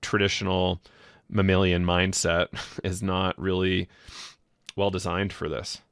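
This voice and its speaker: Deep, gravelly man hosting a podcast. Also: little pitch movement, fairly bright tone, dry recording, clean studio sound. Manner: slow, thoughtful, lots of fillers. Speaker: podcast host. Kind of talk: casual interview talk.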